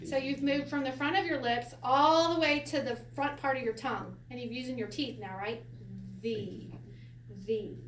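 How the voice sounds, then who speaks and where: A woman teaching a Hebrew lesson to a class, animated and quick to laugh as she acts out quotes. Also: high-pitched. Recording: echoey room from a distance, faint hiss.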